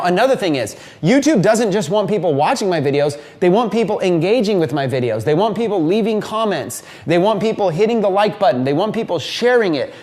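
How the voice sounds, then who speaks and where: A man giving a live online marketing training, talking energetically and emphatically, with quick repetitions to drive points home. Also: sits high, darkish tone.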